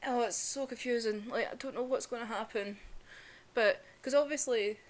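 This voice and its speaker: Woman, young adult, slightly high-pitched, chatty and emotional, lots of "like", swears casually. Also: normal speed. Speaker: manga reviewer. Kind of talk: casual reaction review.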